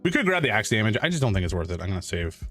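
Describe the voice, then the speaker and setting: A man's voice: fairly low pitch, very animated, rapid-fire, a bit bright, faint music behind. A man streaming a game, chatting casually and wryly with his viewers. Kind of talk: live game commentary.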